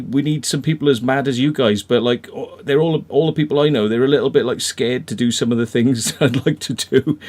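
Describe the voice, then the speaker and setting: Welsh male host, rambling live-stream chat, mid-pitched voice. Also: a little mellow. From Wales. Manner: chatty, rambling, many fillers and restarts.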